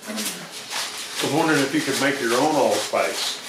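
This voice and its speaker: A man's voice: medium pitch, normal speed, roomy sound, heavy background noise. A man chiming in from off camera with dry, joking quips in casual banter. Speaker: off-camera helper.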